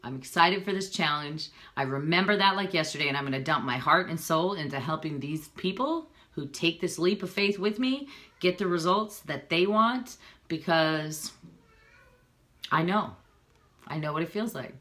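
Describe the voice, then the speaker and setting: A woman's voice: fairly low pitch, animated, moderate pace, fairly bright tone. A woman in her thirties, a fitness coach talking casually and earnestly on a live video, persuasive and a little emotional. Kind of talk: casual live-stream talk to viewers. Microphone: phone or webcam, live video.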